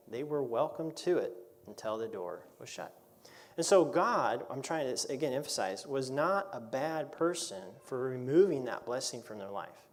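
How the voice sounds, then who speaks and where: A man's voice: mid-range voice, big pitch swings, moderate pace. A man who is a pastor, teaching an adult Bible class in a conversational way, asking rhetorical questions and reading scripture aloud. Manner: reads scripture aloud in older English.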